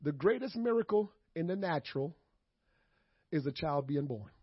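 A man, preaching a sermon to his congregation, dropping to low murmurs and then rising to shouted preaching. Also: animated, normal speed, breathy edge, no room sound. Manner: calls out to the congregation. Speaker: pastor. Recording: dull, lo-fi sermon audio.

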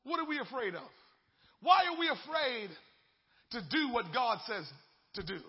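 A male pastor preaching fervently in a church, with an "uh" before each phrase, swinging from shouting to hushed tones, in a lo-fi recording with long hall reverb. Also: very high-pitched, sing-song, moderate pace, slightly rough. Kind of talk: sermon. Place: church sanctuary.

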